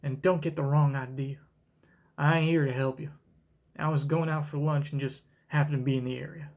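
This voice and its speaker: A man's voice: on the high side, steady tone, brisk, a little mellow, natural voice. A man voicing a proud, brusque young woman marine in a put-on country accent. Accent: American Southern country, put on. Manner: brusque, defensive.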